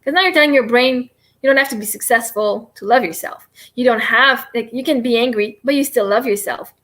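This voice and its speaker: A woman's voice: a little high, brisk, a bit bright. A woman hosting a casual livestream, explaining and demonstrating tapping in a chatty, rambling, self-deprecating way. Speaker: livestream host teaching tapping.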